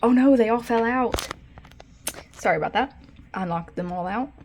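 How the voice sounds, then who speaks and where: A young woman giving a casual sketchbook tour, rambling with lots of fillers and self-corrections, breaking into excited bursts over favorite drawings. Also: a little high, normal speed, slight background noise. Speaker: art vlogger.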